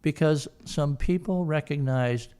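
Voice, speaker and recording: Older man, interview guest, fairly high-pitched, rambling, hesitant. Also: a little slow, warm tone, clean tone. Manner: rambling storyteller, hesitant with many uh's. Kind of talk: casual storytelling.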